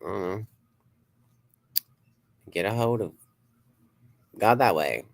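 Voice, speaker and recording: A man's voice: on the low side, expressive, slow pace, gravelly, no echo. A man hosting a casual livestream as a psychic, rambling and swearing freely, laughing often and reading viewer comments aloud. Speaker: psychic streamer host.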